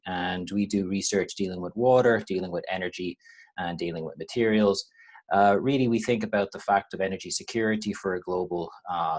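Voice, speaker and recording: A man in his thirties with an Irish accent, giving a relaxed webinar talk on a video call, with frequent restarts. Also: low-pitched. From Ireland. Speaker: university lecturer.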